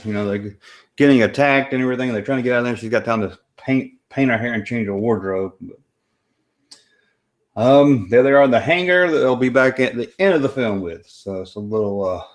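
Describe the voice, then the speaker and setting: A man with a Southern American accent hosting a live stream, chatting and rambling as he reacts to a movie. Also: medium pitch. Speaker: host. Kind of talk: casual live-stream commentary.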